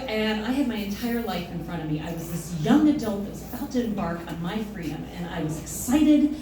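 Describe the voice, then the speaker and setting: Animated woman storyteller on a booming stage. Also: background noise. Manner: animated, self-mocking, laughs through lines. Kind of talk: live personal storytelling. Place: stage in a hall before an audience. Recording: echoey hall, distant mic, audience.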